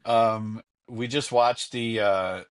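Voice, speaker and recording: Rambling dad telling home stories. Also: male voice, lowish voice, steady tone, slow pace, clear, resonant tone. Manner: rambling, filler-heavy anecdotes. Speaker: guest, father. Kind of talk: casual storytelling. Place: home basement.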